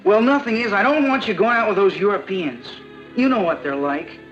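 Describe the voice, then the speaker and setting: An actor playing an earnest, sulky teenage boyfriend in a 1960s sitcom. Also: male voice, high voice, a little fast, a bit bright. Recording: dull old TV audio with music.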